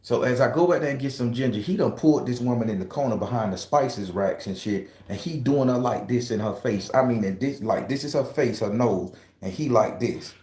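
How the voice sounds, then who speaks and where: A man's voice: mid-range voice, fairly quick, hardly any pauses, darkish tone, roomy sound. A man casually telling a story to his viewers, profane and emphatic, speaking straight to his audience. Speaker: tarot reader and channel host.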